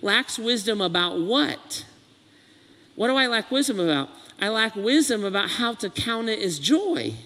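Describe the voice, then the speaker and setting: High, bright-voiced preacher in a hall. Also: male voice, measured pace. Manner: earnest, animated preaching with acted quotes. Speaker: pastor. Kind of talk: sermon.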